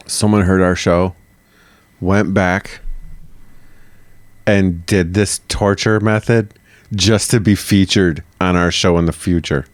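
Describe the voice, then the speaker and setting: A man co-hosting a casual history podcast, asking questions and joking in an animated way. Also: sits low, dry recording. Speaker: podcast co-host.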